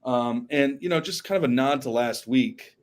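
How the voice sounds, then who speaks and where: A man's voice: medium pitch, moderate pace. A young man and girl dad chatting enthusiastically on a podcast, now and then breaking into bits of song. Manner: enthusiastic, sings snatches of songs. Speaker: podcast co-host. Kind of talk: casual podcast chat.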